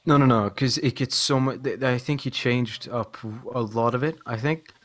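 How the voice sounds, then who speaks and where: Man, casual chat, sarcastic, swears a lot, average pitch, voice call. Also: normal speed.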